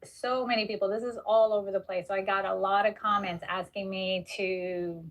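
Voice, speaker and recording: A woman defense attorney talks through a news story in a loose, rambling way, full of ums and asides. Her voice sits at a middling pitch. She sounds a little off-mic, as if set back from the microphone. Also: steady tone, normal speed, recorded from a distance, low-quality recording. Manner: chatty and rambling, many fillers. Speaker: criminal defense attorney, commentator. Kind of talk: casual commentary on a news story.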